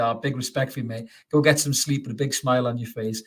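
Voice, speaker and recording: Speaking quickly in a mid-range voice, this man, an adult father, hosts a live fan stream after a match, answering comments from viewers. Cheerful and fond of calling people mate, he often trips over repeated words when he gets worked up.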